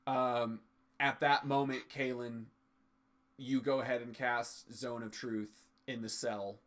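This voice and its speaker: Bright-voiced male game master. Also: medium pitch, slow. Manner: relaxed, with fillers. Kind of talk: narrating a tabletop game.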